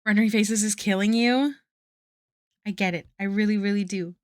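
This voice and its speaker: A woman's voice: medium pitch, fairly even intonation, normal speed, a little mellow, no room sound, clean studio sound. A young woman, chatting casually with her livestream viewers and muttering asides while she draws. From Canada. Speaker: art streamer.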